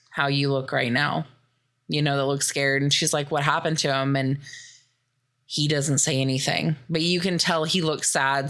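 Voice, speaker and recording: Female podcast host, low bright voice, animated swearing movie recap. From American Midwest. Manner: animated retelling, acts out quotes, swears often.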